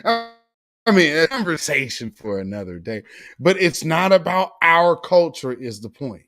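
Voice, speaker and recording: A man's voice: on the high side, sing-song, normal speed, a bit bright. A man hosting a talk show, delivering an opinionated monologue with emphatic sarcasm and calling his listeners family.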